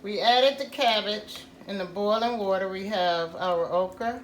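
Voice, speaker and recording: A woman hosting a casual home cooking tutorial, talking slowly and repeating "guys" to her viewers. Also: mid-range voice, roomy sound, a little hiss or hum. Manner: slow, repetitive, says "guys" often. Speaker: cooking channel host.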